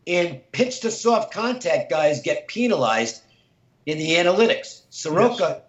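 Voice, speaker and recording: A man's voice: fairly high pitch, big pitch swings, measured pace, roomy sound, lo-fi sound. A man, a sports handicapper, talking through betting picks in a conversational, analytical way.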